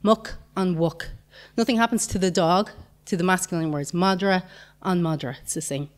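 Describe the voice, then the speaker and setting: A woman's voice: fairly low pitch, brisk. A woman giving a conference talk, patiently explaining grammar with examples and the odd light chuckle. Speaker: conference speaker.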